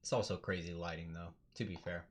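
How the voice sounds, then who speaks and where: A man doing live play-by-play commentary on an MMA fight for his stream, talking casually and yelling with excitement at the big moments. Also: sits low, a little fast.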